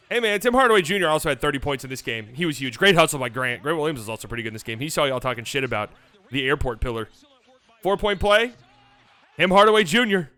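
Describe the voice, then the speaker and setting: Bright-voiced man breaking down game film. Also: animated, fast talker, no room sound. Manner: playful, joking asides over highlights. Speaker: basketball channel host.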